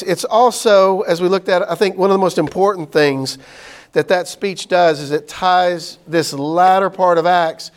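Guy leading bible study, kinda high voice, loose and chatty, lots of um and uh. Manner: conversational, many fillers and paraphrases in plain slang. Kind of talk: casual Bible teaching.

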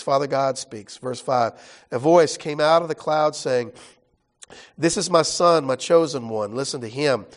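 Man teaching a conversational Bible class. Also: fairly high pitch. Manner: explains casually, often checks in with "right?".

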